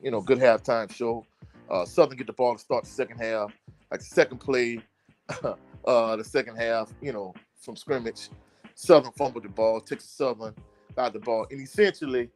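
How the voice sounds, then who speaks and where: Casual sports-talk host, male, mid-range voice, rambling game recap with self-corrections, faint music underneath. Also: mid-range voice. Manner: rambling storytelling with frequent fillers and self-corrections; blunt and exasperated about his team.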